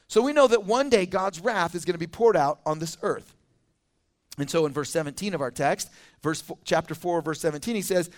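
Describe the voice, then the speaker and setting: A male pastor preaching an expository sermon in a conversational, animated way, with casual asides between readings. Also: high-pitched, a little fast. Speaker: teaching pastor. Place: church.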